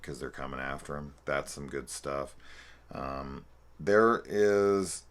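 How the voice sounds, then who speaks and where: A man's voice: extremely low pitch, takes it slowly, a bit bright. A man giving a rambling, profane and amused spoken movie review, with loose restarts and playful quoting of scenes. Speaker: film reviewer.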